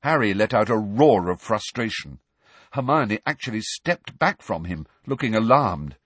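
A man narrating a novel aloud in a measured storytelling manner. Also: fairly low pitch, animated, a bit bright, breathy edge, dry recording. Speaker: reader. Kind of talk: audiobook narration.

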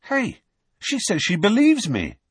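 A bemused teenage wizard, as a man reads him speaks slowly with a husky grain. The audiobook sound is dry and close. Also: high voice, wildly swooping pitch, no echo, pitched above the performer's own voice, exaggerated voice. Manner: slow, bemused.

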